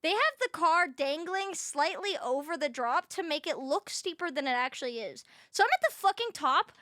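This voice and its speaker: A young woman streamer telling an animated story in casual chat, swearing freely. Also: high voice, moderate pace, dry recording. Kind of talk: casual chat while gaming.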